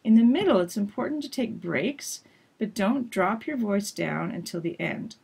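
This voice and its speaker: A young woman giving a recorded recap of a pronunciation course, speaking clearly and slowly acting out example sentences. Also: medium pitch, expressive, a little mellow. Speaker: pronunciation teacher.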